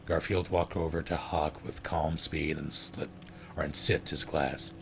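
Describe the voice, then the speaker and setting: A male streamer reading a comic story aloud, deadpan, correcting his own slips. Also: extremely low pitch, unhurried, gravelly, a little hiss or hum.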